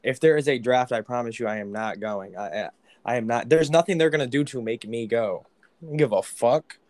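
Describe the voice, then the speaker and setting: A man's voice: mid-range voice, a little fast, darkish tone, no echo. A man co-hosting a podcast, speaking bluntly and defiantly in casual debate. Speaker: podcast co-host.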